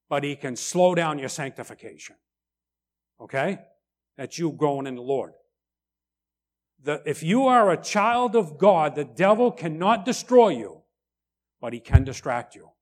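Slightly high-voiced and unhurried, this middle-aged man delivers a lively sermon with long pauses. He often cuts in with little asides like "right?" and "okay?".

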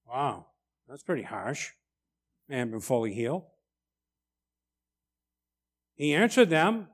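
A middle-aged male pastor preaching a sermon in an animated way, often breaking in with asides like "right?" and "okay?". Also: mid-range voice, unhurried, breathy edge.

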